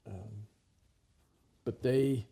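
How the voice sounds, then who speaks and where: Gravelly, dark-voiced male storyteller. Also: fairly low pitch, extremely slow. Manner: vivid storyteller, acts out dialogue. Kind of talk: conversational storytelling.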